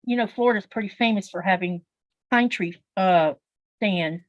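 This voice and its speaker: A woman's voice: medium pitch, normal speed, dry recording, lo-fi sound. Woman, casual livestream chat, rambling storyteller, dry close sound. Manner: chatty, rambling storyteller with many fillers. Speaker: livestream co-host, quilter.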